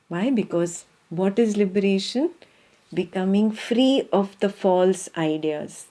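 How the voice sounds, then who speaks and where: A woman's voice: mid-range voice, warm tone. A woman with an Indian accent giving an earnest spiritual teaching talk, often checking in with her listeners. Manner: speaks with her hands.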